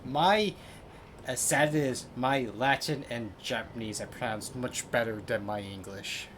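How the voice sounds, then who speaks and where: A man's voice: mid-range voice, measured pace, a bit bright. Male streamer, rambling gamer talk, noisy game backdrop. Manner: rambling, many restarts and "like". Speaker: streamer playing a game with a friend. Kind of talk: casual gaming chat. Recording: game sound and noise behind voice.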